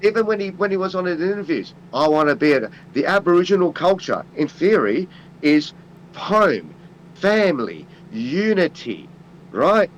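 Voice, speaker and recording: A man's voice: high voice, very animated, normal speed, a little hiss or hum, rough recording. A man with an Australian accent, talking in blunt, rambling casual chat and swearing constantly. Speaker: co-host.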